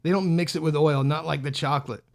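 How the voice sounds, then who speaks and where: A man co-hosting a casual podcast chat, laughing and exclaiming loudly. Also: on the high side, steady tone, quick pace, gravelly. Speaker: podcast co-host.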